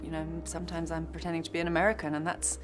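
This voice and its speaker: A woman's voice: sits low, little pitch movement, rapid-fire, music in the background. A woman actress answering interview questions in a reflective way, often restarting her sentences and adding playful asides.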